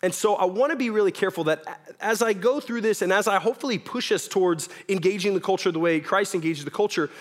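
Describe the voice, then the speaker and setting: High-voiced man preaching casually. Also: fast talker, few pauses. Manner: casual, joking, conversational preaching with many "right?" tags. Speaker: pastor. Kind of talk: sermon. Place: church hall with audience.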